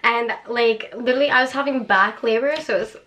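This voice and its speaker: A young woman with a fairly high voice, chatting on camera in a relaxed, storytelling way. She is animated and breaks into laughter often. Her delivery is casual and unscripted. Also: fairly quick, crowd noise. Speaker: vlogger.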